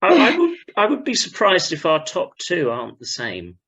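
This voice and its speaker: A man's voice: sits high, huge pitch swings, normal speed, pushed and bright, husky. A man hosting a podcast in casual chat, upbeat and prompting the others to speak. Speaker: podcast host.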